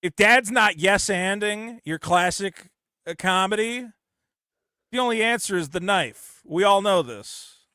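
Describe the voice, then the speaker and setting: Brief: male call-in host, profane rambler, clear resonant high voice. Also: lively intonation, measured pace, bright, forceful tone, dry recording, clean studio sound. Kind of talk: casual call-in show banter.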